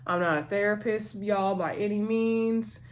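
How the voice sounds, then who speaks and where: A woman's voice: medium pitch, measured pace. A woman hosting her own channel, giving a chatty, opinionated recap of a reality show with frequent asides to her viewers. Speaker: channel host. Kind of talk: casual reality-TV recap commentary.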